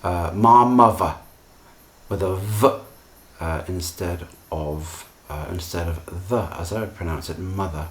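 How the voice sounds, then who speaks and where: A man, explaining pronunciation in a calm, reassuring solo video lesson. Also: sits low, measured pace, a little hiss or hum. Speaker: English pronunciation teacher.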